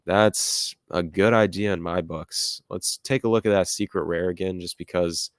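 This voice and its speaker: A young man with a low, deep voice hosts a casual livestream, reading viewer comments and chatting loosely with plenty of "like" and "uh". The recording is dry and close, with little room sound. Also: fairly even intonation, moderate pace, few pauses, clean tone, no echo. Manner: rambling, filler-heavy, laughs at chat comments. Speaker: livestream host reading chat. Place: home room with music playing nearby.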